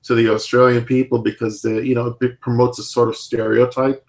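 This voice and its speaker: A man in his thirties chatting casually as a podcast host, rambling and filling pauses with "like" and "you know". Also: medium pitch, level tone, darkish tone. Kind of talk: casual chat.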